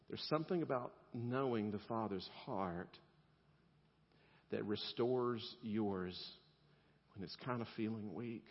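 A male pastor preaching a sermon in a relaxed, conversational way, with humor and softer, gentle passages. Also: on the low side, slow, long pauses, breathy edge. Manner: conversational and humorous, dropping to soft gentle tones. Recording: lo-fi sound with long hall reverb.

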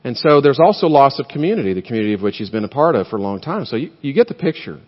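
A man preaching a sermon in a church sanctuary, rising to loud emphatic peaks and dropping to hushed, intimate storytelling. His voice sits at an ordinary male pitch. The sound is a little dull and carries a long hall reverb. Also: sing-song, rapid-fire. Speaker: pastor.

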